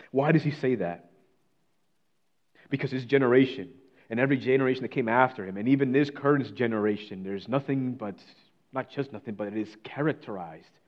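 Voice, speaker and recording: Dramatic preacher dropping to near-whispers. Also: male voice, mid-range voice, muffled recording. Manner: dramatic, swings from declaiming to hushed near-whisper. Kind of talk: sermon.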